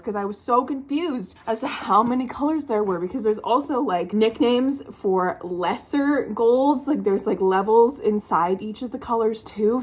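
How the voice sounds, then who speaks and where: A woman's voice: on the high side, moderate pace, hardly any pauses, a bit bright. A young woman book vlogger talking casually at home, chatty and ranting with lots of fillers. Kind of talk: casual chat. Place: room at home, at night.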